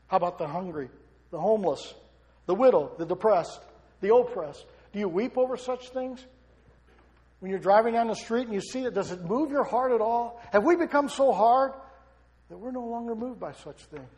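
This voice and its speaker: Preaching fervently in a large, reverberant hall, this middle-aged pastor has a high, expressive voice with a slightly mellow quality. He keeps a moderate pace and peppers the audience with rhetorical questions.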